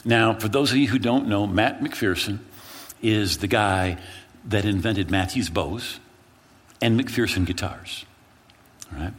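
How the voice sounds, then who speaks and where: A male pastor preaching a sermon, telling a story in an animated, dramatic way with repeated phrases. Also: on the low side, a little slow, long pauses, husky.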